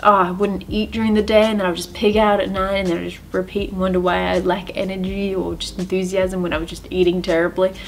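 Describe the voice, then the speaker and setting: A young woman talks through her own story in a casual vlog voice. She is chatty and upbeat and pokes fun at herself, at a middle pitch for a woman. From Australia. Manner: chatty, upbeat and self-deprecating. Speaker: streamer and YouTuber.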